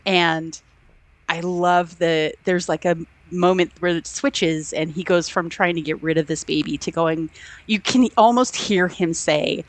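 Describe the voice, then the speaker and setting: A woman's voice: lowish voice, measured pace, dry recording. A woman co-hosting a podcast, enthusiastically retelling film scenes with acted-out quotes and frequent laughter. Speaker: podcast co-host. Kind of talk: casual film discussion.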